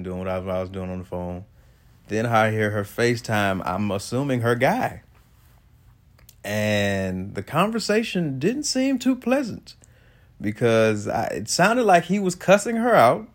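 A man's voice: mid-range voice, fairly bright tone. A man hosting his own show, delivering a casual, profane rant with sarcastic asides and frequent laughter. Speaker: solo talk host.

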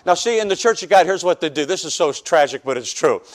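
A pastor from the northern United States preaching a personal testimony sermon, telling his story with animated, joking storytelling that acts out scenes. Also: a little high, fast.

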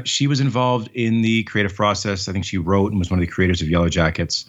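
On a muffled recording, a podcast co-host with a deep, slightly rough voice chats casually. He's enthusiastic and rambling, using plenty of fillers.

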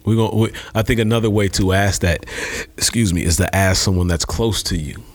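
A man talking as a podcast guest, an author and speaker who tells stories with animated energy. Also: on the low side, brisk. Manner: animated storyteller who acts out voices. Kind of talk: podcast conversation.

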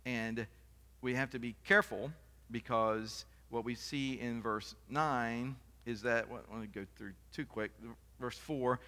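A man's voice: mid-range voice, fairly even intonation, unhurried, sharp tone. A man preaching a sermon as pastor, in a conversational style with off-the-cuff asides. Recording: long reverb of a hall.

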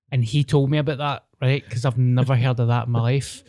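A young Scottish man trades stories in easy, sweary banter, leaning on broad slang. His voice sits at an ordinary pitch. The sound is dry and close, with no room around it. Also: fairly even intonation, moderate pace, dark tone, no room sound. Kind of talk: casual chat.

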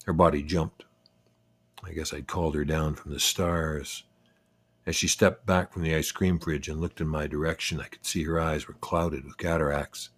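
Older guy reading his own memoir, super deep husky voice, dry close sound, wry and thoughtful. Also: level tone, no echo. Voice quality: reflective, unhurried, wry. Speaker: storyteller. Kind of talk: reflective memoir narration.

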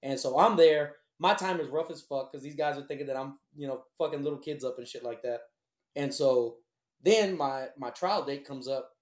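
A man's voice: mid-range voice, moderate pace. A man telling a long personal story in a blunt, profane, rambling way. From Houston, Texas. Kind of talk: casual storytelling. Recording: echoey room.

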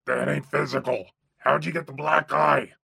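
A man voicing a gregarious, overweight, chain-smoking male cab driver with a raspy, phlegmy voice and a folksy, chatty way of talking. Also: fairly high pitch, fairly even intonation, normal speed, pushed and bright, dry recording, studio quality, voice pushed down, heavily acted. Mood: folksy chatter. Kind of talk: audiobook character voice.

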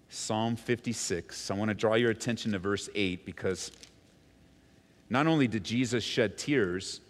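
A man preaching a sermon as pastor, earnest, his voice rising high and strong to stress points and falling soft and slow in tender moments. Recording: long hall reverb.

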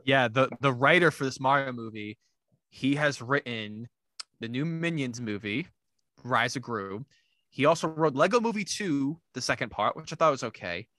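A man's voice: mid-range voice, expressive, normal speed, fairly bright tone, no room sound. A man co-hosting a casual movie podcast, blunt and swearing freely. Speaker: podcast co-host. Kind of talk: casual chat.

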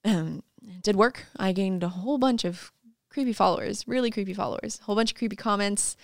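A woman's voice: medium pitch, brisk, gravelly, dry recording, clean studio sound. A woman guest on a podcast, chatting casually and laughing as she acts out what people said to her. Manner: bubbly, laughing, acts out quotes in voices. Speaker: podcast guest, fitness coach. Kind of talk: casual interview chat.

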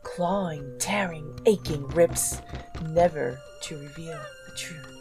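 Woman doing a creepy reciter with a put-on British accent, hushed and breathy in places. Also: low-pitched, slow, over music. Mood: eerie. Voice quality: breathy whispering on some lines. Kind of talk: dramatic poetry reading.

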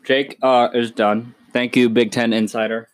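A man's voice: medium pitch, little pitch movement, unhurried. A young man co-hosting a podcast in casual chat, teasing and blunt. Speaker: podcast co-host.

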